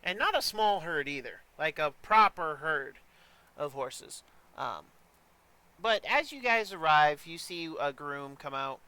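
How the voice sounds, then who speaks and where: Bright-voiced man running a tabletop game. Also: fairly high pitch, a little slow, smooth, no room sound, rough recording. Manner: relaxed narration with many fillers. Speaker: dungeon master.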